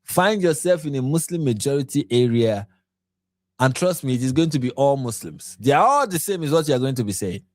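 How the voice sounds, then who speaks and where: Casting note: tired man from Nigeria hosting a late-night livestream, argumentative, middle pitch, dry close sound. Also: expressive, brisk, no echo. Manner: argumentative, asks repeated rhetorical questions. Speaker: livestream host. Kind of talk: commentary livestream.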